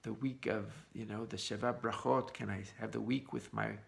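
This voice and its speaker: A man's voice: fairly low pitch, fairly even intonation, vocal fry. A man doing a pleading young groom. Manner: pleading, halting.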